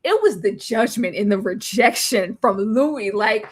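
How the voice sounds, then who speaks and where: A woman's voice: medium pitch, animated, a little slow, slightly rough. A woman hosting a live discussion of a TV episode, laughing often and acting out the characters' lines. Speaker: host.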